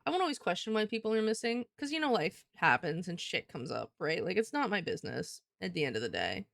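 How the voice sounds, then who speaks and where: A woman's voice: fairly low pitch, very animated, fast talker, gravelly, dry recording, studio quality. A young woman chatting casually on a livestream, rambling and swearing as she talks with viewers. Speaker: streamer.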